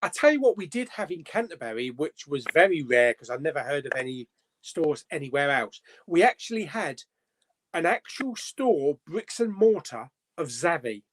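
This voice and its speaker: A man's voice: on the high side, sing-song, moderate pace. A man hosting a casual live-stream chat, bantering and swearing casually. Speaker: host.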